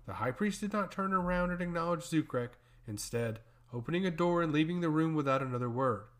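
A man reading a fantasy story aloud as narrator, with an animated reading voice. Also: fairly high pitch, fairly quick.

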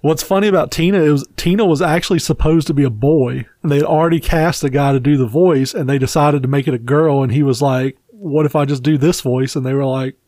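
A man with a fairly high voice trading crude, joking stories as a podcast co-host. The sound is dry and close-miked. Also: steady tone, fast talker, few pauses, warm tone, no room sound. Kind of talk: casual chat.

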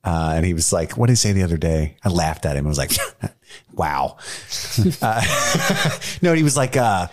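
A man's voice: low-pitched, very animated, normal speed. A man co-hosting a podcast, a father telling playful stories about his son with jokey asides. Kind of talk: casual chat.

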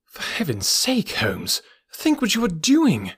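A man reading as an excitable loyal doctor friend. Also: on the high side, normal speed, breathy edge, no room sound, pitched above the performer's own voice. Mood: alarmed. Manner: raised, anxious and protesting. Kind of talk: audiobook character reading.

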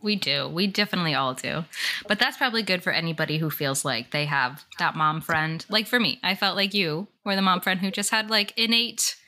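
A woman's voice: lowish voice, a little fast. A woman co-hosting a casual podcast chat, agreeing with her guest and wrapping up the episode. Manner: warm, agreeing, wraps up the show. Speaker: podcast co-host.

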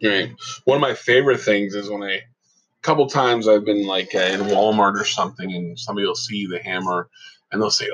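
A man's voice: lowish voice, a little fast, poor audio. A man co-hosting a casual talk about his faith, telling anecdotes and acting out the people he quotes. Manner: storytelling, quotes others in lively voices. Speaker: podcast co-host.

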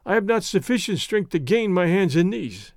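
A man voicing a weak, dying Englishman who speaks slowly and formally in an audio story. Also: high voice, very animated, dry recording, clean studio sound.

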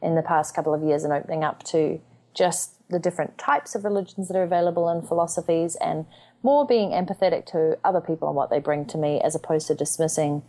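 A woman in her thirties from New Zealand talks as a podcast guest in a casual, chatty way. Her voice sits fairly low, and she slips into lively acted quotes as she tells her stories. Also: quick pace. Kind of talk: casual conversational interview.

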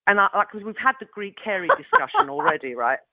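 A woman in her sixties with a London Cockney accent, telling animated stories with laughs as a guest actress. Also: medium pitch, fast talker, creaky, no room sound. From London, England. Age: 60s. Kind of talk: casual anecdote. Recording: tinny phone-like audio.

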